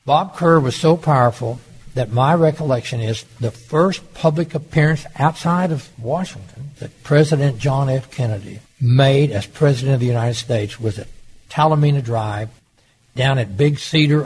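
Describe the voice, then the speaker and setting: An older man, a former governor, recounts anecdotes at an ordinary pitch. He slips into the voices of the people he quotes as he tells each story. A faint background hiss sits under the recording. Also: moderate pace, darkish tone, rough recording. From Oklahoma. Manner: anecdotal, acts out quoted dialogue. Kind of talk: storytelling interview.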